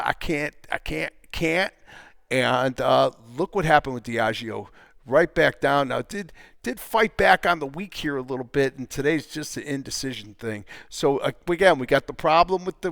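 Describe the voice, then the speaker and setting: A man's voice: mid-range voice, creaky, a bit bright, no echo, clean studio sound. A man casually talking through stock charts as a trading teacher, rambling, repeating himself and throwing in jokey asides.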